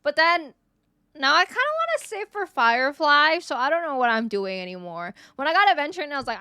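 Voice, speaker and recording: A woman's voice: on the high side, expressive, fast talker, pushed and bright, smooth, no echo, studio quality. A woman in her twenties chatting casually on a live stream into a desk mic, greeting viewers one by one, her voice a bit worn and giving out. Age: 20s. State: voice giving out, coughing.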